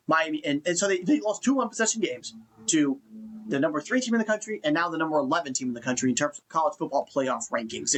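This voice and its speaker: A man's voice: on the high side, fairly bright tone, breathy edge. A man hosting a casual sports talk show, ranting in an exasperated way and swearing now and then. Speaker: podcast host.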